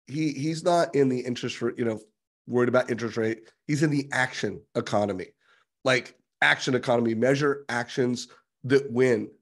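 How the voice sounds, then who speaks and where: Guy hosting a talk, mid-pitch voice, keen on recapping the guest's ideas. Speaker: host. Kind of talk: interview talk.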